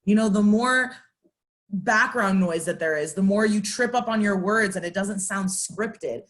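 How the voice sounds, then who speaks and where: A woman speaking on a video call, giving casual tips and quick to laugh at herself. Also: mid-range voice, a bit bright. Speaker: guest presenter.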